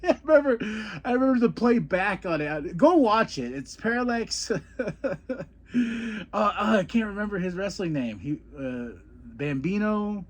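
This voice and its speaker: A man's voice: high voice, lively intonation, measured pace. A man hosting a podcast, telling old wrestling stories in a rambling way, repeating words and laughing often, then recapping a wrestling show. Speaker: podcast host, former wrestler. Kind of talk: casual storytelling and wrestling recap.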